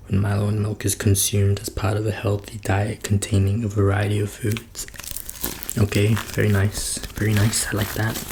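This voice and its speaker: A man making a soft-spoken ASMR video in his room at home. He switches between whispering and quiet talk into a close mic, with wry joking asides. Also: fairly low pitch, gravelly, background noise. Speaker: ASMR creator.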